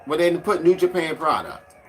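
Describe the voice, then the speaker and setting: Co-host, man, higher voice with a lively swinging delivery, loose joking reaction chatter. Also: moderate pace. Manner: animated, loose and joking, many fillers. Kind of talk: casual reaction chat.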